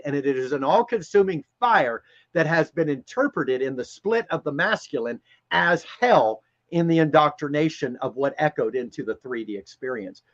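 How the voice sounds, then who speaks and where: A man's voice: fairly high pitch, dull audio. A man speaking in a casual, emphatic way on a spiritual live stream, rambling and often repeating words as he talks.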